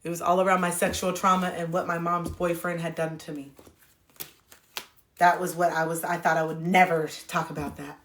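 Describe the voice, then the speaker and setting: A woman's voice: on the low side, flat delivery, moderate pace, roomy sound, noisy background. A woman hosting a livestream, talking bluntly and preachily with slang, recorded on a phone. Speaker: livestream host giving spiritual advice. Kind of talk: casual livestream talk.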